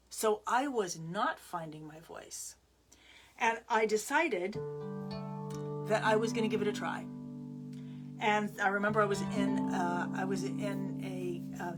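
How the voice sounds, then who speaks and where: A woman musician chatting to the camera, telling a story with lots of fillers and restarts. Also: medium pitch.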